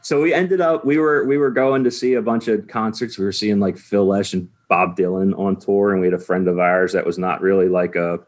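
Low-voiced man telling a rambling story. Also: steady tone, fairly quick, hardly any pauses. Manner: rambling, frequent "like" fillers. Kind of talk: casual storytelling.

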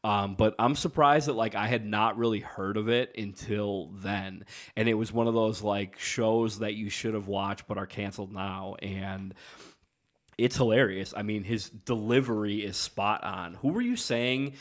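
A man's voice: fairly low pitch, a little slow. A man co-hosting a podcast in casual chat, laughing as he tells stories. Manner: chatty, laughs while telling stories. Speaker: podcast co-host.

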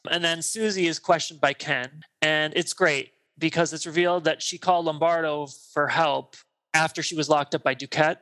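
A podcast co-host in his thirties recaps a film in casual conversation, acting out the characters' lines. His voice is a little high, steady, pushed and bright, at a normal speed.

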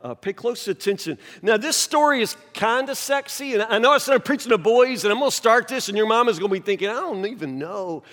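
A man preaching a sermon as pastor, earnest and repetitive, dropping soft then rising high. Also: quick pace, hardly any pauses, in a large hall. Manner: earnest, repeats himself, swings between soft and raised.

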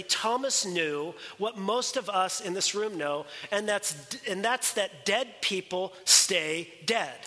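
A man's voice: high-pitched, sharp tone. A man preaching a sermon as pastor, emphatic and conversational, with joking asides. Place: church sanctuary. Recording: long reverb of a church hall.

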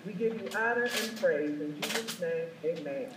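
A man's voice: on the high side, expressive, normal speed. A man leading a fervent spoken prayer, repeating his invocations. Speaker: prayer leader. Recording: echoey, distant, noisy call audio.

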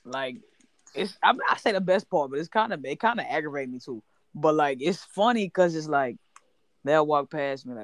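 A man's voice: a little high, sing-song, a bit bright, no room sound. A man chatting casually with friends, teasing and laughing as he talks. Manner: playful, teasing, drawn-out laughing remarks. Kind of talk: casual group chat.

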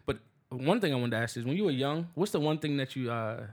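A man's voice: medium pitch, lively intonation, fast. A man hosting a casual podcast conversation and telling loose stories with laughing asides. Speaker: podcast host. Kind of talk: casual chat.

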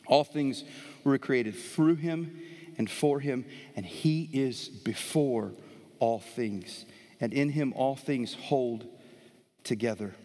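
Preaching man in an echoing hall. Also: medium pitch. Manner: animated preaching, dramatic swings between soft and loud emphasis. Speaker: pastor. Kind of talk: sermon. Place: church sanctuary with a live audience. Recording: long hall reverb.

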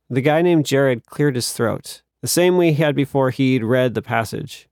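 A man narrating an audiobook in a measured storytelling manner, lightly voicing the characters. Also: medium pitch, a little mellow, no room sound, studio quality.

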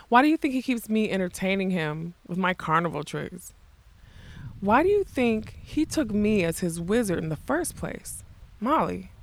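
A weary middle-aged magician speaks in a slow, quiet voice, as a woman reading a storybook puts him on. He sounds worn down and despairing, and the recording is dry and close. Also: medium pitch, dry recording, natural voice.

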